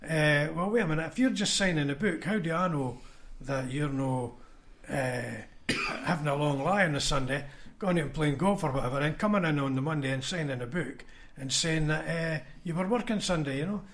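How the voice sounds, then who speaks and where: Here the ex-union convener from Scotland sounds on the high side and fairly bright, speaking quickly with hardly any pauses. His podcast anecdotes are blunt and casual, and he performs other people's lines as he quotes them.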